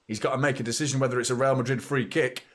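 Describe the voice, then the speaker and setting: A middle-aged man talks through a live match as host of a watchalong. He chats to his viewers, swears freely and breaks off to react loudly to the play. His voice sits at an ordinary pitch for a man. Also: fairly even intonation, racing.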